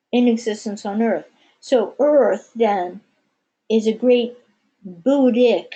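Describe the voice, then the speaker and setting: A woman giving a spiritual channeling session, speaking as "we" in a measured way with many pauses. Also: mid-range voice, dark tone, muffled recording. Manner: measured, pausing often, speaks as "we". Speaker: channeler answering questions. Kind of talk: slow meditative spiritual channeling.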